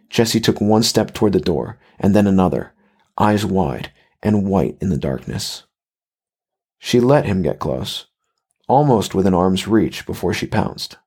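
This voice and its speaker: A man reading a horror story aloud in measured, even scripted narration. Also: low-pitched, breathy edge.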